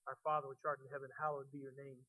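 A middle-aged man preaching a sermon as pastor, swinging between loud emphatic lines and quiet reflective ones. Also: mid-range voice, little pitch movement, racing, poor audio.

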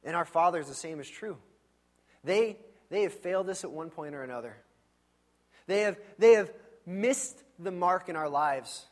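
A man preaching a sermon in a church, in a conversational and animated storytelling manner with frequent asides. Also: high-pitched, normal speed. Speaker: pastor.

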